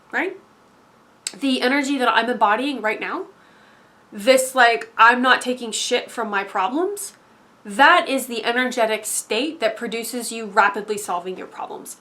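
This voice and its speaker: A young woman talking straight to camera in an emphatic motivational monologue, swinging between loud insistence and hushed asides. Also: on the high side, unhurried. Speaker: spiritual vlogger.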